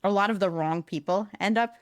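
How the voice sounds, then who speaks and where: Woman, casual podcast co-host, blunt and flat-voiced, mid pitch, dry close recording. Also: a little fast, no echo. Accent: accent others comment on, likened to a nasal New York voice. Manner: self-described monotone, casual and blunt with mild swearing. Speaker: podcast co-host, social media marketer. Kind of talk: casual chat.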